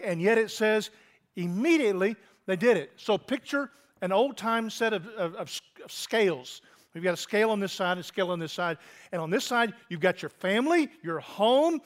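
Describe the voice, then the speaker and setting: A middle-aged man preaching a sermon as pastor, conversational and asking his congregation questions. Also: sits high.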